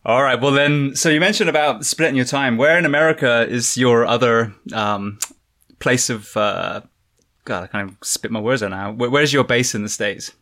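A British man hosting a podcast interview, talking in a friendly, halting way with frequent fillers. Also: medium pitch, fairly bright tone. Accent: British English. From Britain. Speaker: podcast host. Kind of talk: casual interview chat.

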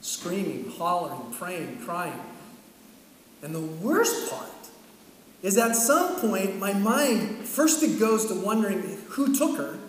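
A middle-aged man preaching a sermon, telling a story in an animated way and acting out the dialogue. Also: high-pitched, measured pace, slight background noise. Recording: echoey hall from far off, faint ambience.

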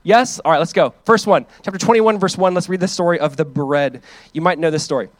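A young male pastor teaching a sermon in an easy, chatty way, often checking in with his listeners. His voice sits high for a man. The sound is close and dry, with no room echo. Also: fairly quick. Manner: casual, conversational teaching with checks on the audience. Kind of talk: expository sermon.

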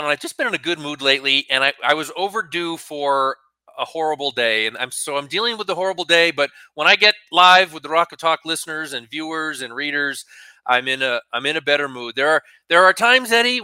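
A man's voice: fairly high pitch, pushed and bright, clean tone, no echo. A man who is a regular on a radio talk show, opinionated and emphatic with a wry edge, on a studio mic. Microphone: studio broadcast mic.

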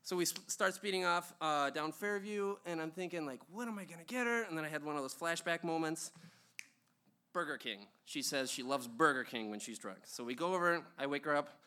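A man's voice: on the high side, fairly quick, sharp tone, smooth. A young man telling a funny personal story at a live show, rambling with lots of ums and uhs and chuckles.

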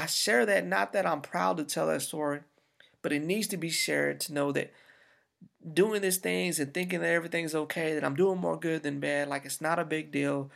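Gravelly-voiced male pastor preaching. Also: fairly high pitch. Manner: conversational and emphatic, addresses the congregation directly. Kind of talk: sermon.

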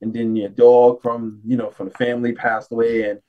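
A man's voice: mid-range voice, little pitch movement, normal speed, far from the mic, narrow, tinny audio. Easygoing male podcast guest. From United States. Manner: loose, filler-heavy, heartfelt. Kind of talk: casual podcast chat.

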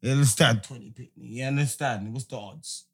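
A man's voice: medium pitch, brisk, slightly rough. A man in casual podcast banter, slangy and repetitive, forever tagging on "innit". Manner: slangy, repeats himself.

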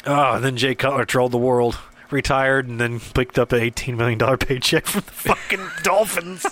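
A man's voice: mid-range voice, normal speed, a bit bright, no room sound. A man with a Chicago accent co-hosting a podcast in casual chat, laughing often and restarting his sentences. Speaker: podcast co-host.

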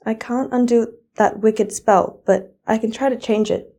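A teenage girl reading aloud, voicing a kind, wise fairy godmother who speaks softly in a storybook. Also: fairly high pitch, fairly even intonation, a little slow. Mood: gentle. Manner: soft, gentle.

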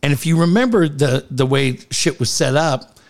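Animated profane male storyteller. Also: on the high side, normal speed, gravelly. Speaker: host. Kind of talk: casual chat.

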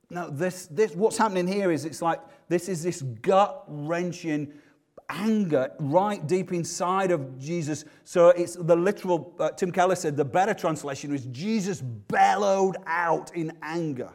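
A male preacher delivering a sermon in a fairly high voice. He builds to loud, emphatic runs and then drops to quiet, drawn-out lines. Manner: dynamic, swings from loud emphatic to hushed.

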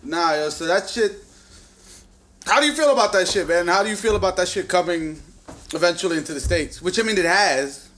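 A man's voice: high voice, lively intonation, brisk, fairly bright tone, a little hiss or hum. A young man hosting a casual livestream chat, laid-back and profane, rambling with frequent restarts. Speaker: podcast host.

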